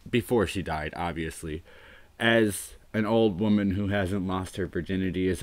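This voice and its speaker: Deep-voiced man musing on a livestream. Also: steady tone, normal speed, dry recording. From US northeast coast. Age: 30s. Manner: rambling, musing, drops to mutters. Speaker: livestream host. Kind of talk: solo livestream talk.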